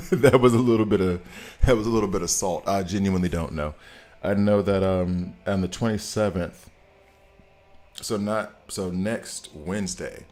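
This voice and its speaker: An American man chatting casually on a live game stream, greeting viewers and laughing often. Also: low voice. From United States. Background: soft background music.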